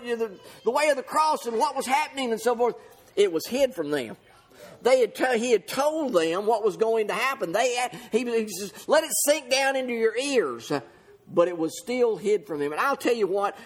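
Folksy high-voiced preacher man. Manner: folksy preaching with frequent fillers and restarts. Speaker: pastor. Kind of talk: sermon.

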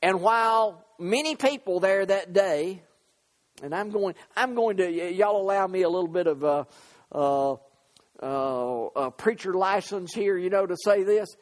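High-voiced fervent preacher man. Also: expressive, unhurried. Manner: fervent, with many fillers and repeated words. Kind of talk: sermon.

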